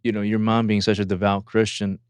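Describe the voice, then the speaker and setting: Smooth-voiced man hosting a faith show. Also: fairly low pitch, flat delivery, a little fast, dry recording. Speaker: host. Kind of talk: faith talk show interview.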